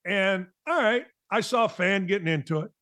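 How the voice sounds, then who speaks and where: A man's voice: sits high, normal speed, sharp tone. A middle-aged man hosting a sports talk show, delivering a blunt, emphatic monologue with a mocking edge.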